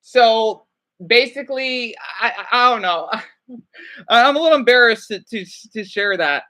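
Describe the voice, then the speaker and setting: A woman's voice: a little high, animated, measured pace, a bit bright. A woman chatting casually as she reacts to videos, often apologizing and restarting her sentences.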